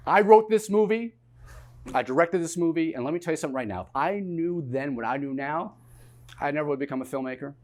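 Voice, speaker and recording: A man performing a weary male filmmaker in a comedy show, speaking loudly, bitter and regretful. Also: on the high side, quick pace, lightly acted.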